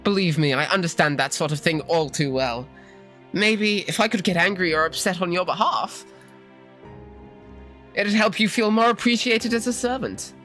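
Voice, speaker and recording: A streamer voicing a remorseful male warrior servant, reading game dialogue aloud in a lowered, subdued voice. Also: moderate pace, fairly bright tone, faint music behind, natural voice. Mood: rueful.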